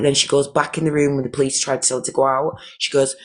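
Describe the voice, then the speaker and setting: A man's voice: mid-range voice, completely flat delivery, fast, hardly any pauses. A man hosting a live stream, indignant and emphatic, restarting his sentences.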